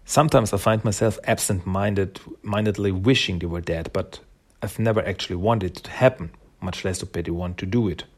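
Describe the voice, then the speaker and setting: A man voicing a calm, thoughtful young male mutant turtle, reading his lines in a quiet, measured, slightly lower voice. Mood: reassuring.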